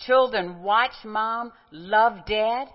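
A woman's voice: a little high, drawn-out words. A middle-aged woman teaching a group, conversational, telling personal stories and asking rhetorical questions. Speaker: women's Bible teacher. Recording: dull, reverberant hall recording.

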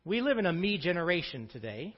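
Male pastor delivering a lively sermon, swinging pitch, recorded dull and muffled in a church. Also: brisk, big-room sound. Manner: preacher's call-and-response.

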